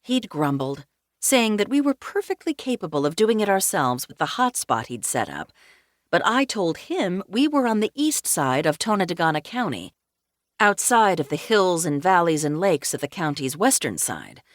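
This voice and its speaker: A woman narrating a cozy mystery audiobook in first person, with a wry, deadpan humor. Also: fairly low pitch, normal speed, dry recording, clean studio sound.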